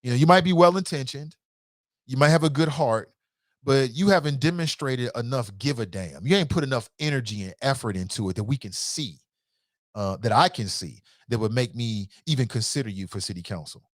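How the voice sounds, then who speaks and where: A man hosting a call-in talk show, giving blunt, passionate commentary with swearing, dropping to low mutters and rising to sharp outbursts. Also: brisk, no echo, clean studio sound. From Cincinnati. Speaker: show host.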